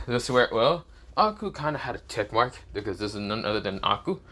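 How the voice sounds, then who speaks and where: A man's voice: lowish voice, very animated, brisk, a bit bright. A man casually narrating an improvised fan story, rambling with swearing. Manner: rambling, many fillers and restarts, swearing.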